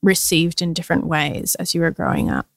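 A woman's voice: low voice, sing-song, fairly quick, vocal fry, dry recording, studio quality. A woman hosting a podcast interview, asking questions in a friendly way. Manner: friendly, laughs easily. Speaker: podcast host.

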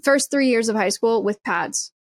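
A young woman with a fairly high voice talks candidly in casual podcast chat. Her voice sounds close and dry, and she strings confessional thoughts together one after another. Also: moderate pace, dry recording. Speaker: podcast co-host.

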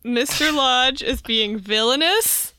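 A young woman co-hosts a relaxed comedy podcast with dry, deadpan humor. She talks slowly, with a bright tone and a dry, close sound. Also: high voice, clear, resonant tone, no echo. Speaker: podcast co-host. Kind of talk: casual comedic chat.

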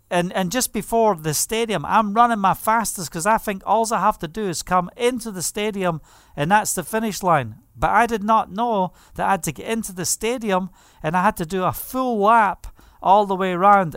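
A man's voice: high voice, fairly bright tone, no echo, clean studio sound. A man preaching a sermon, fervent and declaring, mixing personal stories with scripture.

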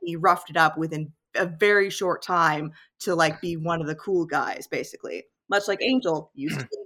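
Lower-voiced bright woman podcast co-host. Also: normal speed. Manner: talkative, explains at length with fillers. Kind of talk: casual chat.

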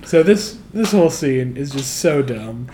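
A man co-hosting a casual chat that recaps a TV episode, animated and quick to laugh, acting out the characters' lines. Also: mid-range voice, slight background noise. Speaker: podcast co-host.

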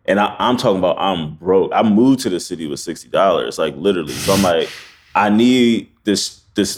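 Lowish-voiced man telling a story casually. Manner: loose street slang, many fillers, animated retelling. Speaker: photographer, podcast guest.

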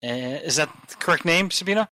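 A man's voice: fairly high pitch, animated, a little fast, pushed and bright, no room sound, rough recording. A man co-hosting a podcast, bantering in a jokey, playful way. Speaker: podcast co-host. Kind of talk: casual banter.

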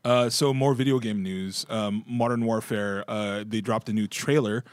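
A man's voice: fairly low pitch, steady tone, normal speed, no echo, studio quality. A man co-hosting a casual talk show about gaming news, rambling with lots of fillers. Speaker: podcast co-host. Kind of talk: casual chat, reading news.

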